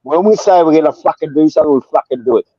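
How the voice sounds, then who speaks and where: A man's voice: a little high, rapid-fire, muffled recording. A man with an Australian accent ranting on a livestream panel, swearing constantly and talking over others. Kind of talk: heated livestream panel talk.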